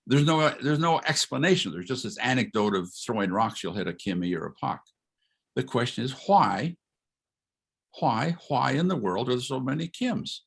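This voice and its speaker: An older man, a retired history professor, gives an informal lecture over a video call. He is animated, asks rhetorical questions and chuckles as he talks. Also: medium pitch, moderate pace, gravelly, husky.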